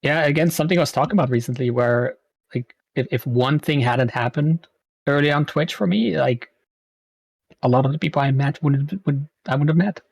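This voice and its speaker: A man's voice: a little high, fairly quick, gravelly, breathy edge, dry recording. Man eagerly chatting in a dry sound. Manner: enthusiastic, repeats words as he talks. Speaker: guest streamer. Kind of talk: casual interview chat.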